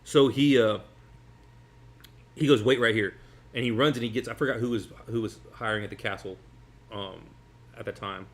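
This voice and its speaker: A man in his forties, a magician guest telling a long story over a meal in an animated, rambling way with laughs between phrases. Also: medium pitch, normal speed, pauses often. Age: 40s.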